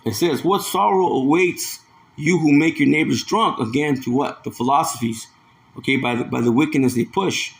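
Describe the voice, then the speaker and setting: A man teaching from the Bible in a loose, conversational way, with a voice sitting a touch higher than most. He reads verses slowly and keeps breaking in with "man," "okay" and "see." He often repeats himself as he works through a point. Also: creaky. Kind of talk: informal scripture teaching.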